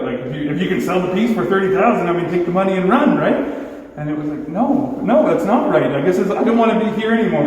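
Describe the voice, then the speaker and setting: A male artist telling personal stories at a gallery talk, animated, acting out quoted dialogue and leaning on "like". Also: a little high. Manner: animated, acts out quoted dialogue with filler 'like'. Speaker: exhibiting artist. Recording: echoey hall, distant mic.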